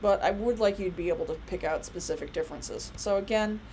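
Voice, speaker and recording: A woman's voice: mid-range voice, quick pace, a little mellow, a little hiss or hum, rough recording. A woman in her thirties giving a casual biology lecture, chatty and rambling with many fillers and asides. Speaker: college biology instructor.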